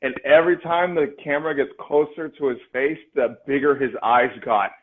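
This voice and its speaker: A man co-hosting a casual chat, excitable and slangy, swearing often. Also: on the high side, normal speed. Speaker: podcast co-host. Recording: tinny phone-like sound.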